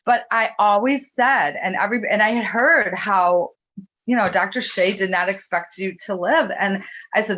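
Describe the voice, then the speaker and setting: A woman's voice: medium pitch, normal speed, a bit bright. A woman host reminiscing emotionally with many restarts during an interview conversation. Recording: dull lo-fi sound.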